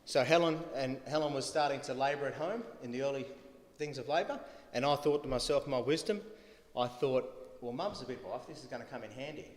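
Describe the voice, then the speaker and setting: A man's voice: medium pitch, a little fast. A middle-aged man with an anecdotal, storytelling manner, giving a eulogy for his mother at a funeral. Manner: storytelling, chuckling at his own stories. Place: funeral venue hall. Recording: echoey livestreamed hall.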